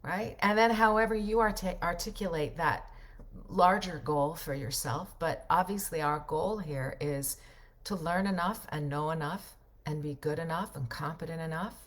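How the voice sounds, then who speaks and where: On her livestream, a middle-aged voiceover coach with a deep voice muses and rambles casually, pausing to read viewers' comments aloud.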